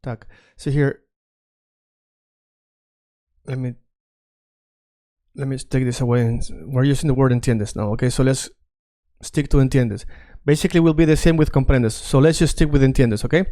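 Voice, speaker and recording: A man's voice: mid-range voice, fairly even intonation, normal speed, pauses often, warm tone. A man teaching a casual online lesson, chatty and prone to repeating himself while he works on screen. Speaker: Spanish teacher.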